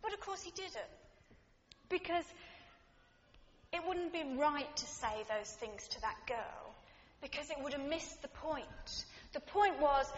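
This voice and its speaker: In a high, bright voice with a forceful tone, a woman delivers a sermon that's earnest and reflective. She builds each point through rhetorical phrases she keeps repeating, captured in a dull, echoing hall.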